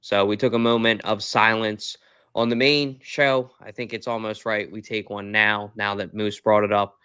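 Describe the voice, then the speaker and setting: A man's voice: fairly low pitch, flat delivery, moderate pace, pushed and bright, clean tone, no echo, studio quality. A man hosting a live sports postgame show, upbeat and friendly with callers. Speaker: podcast host.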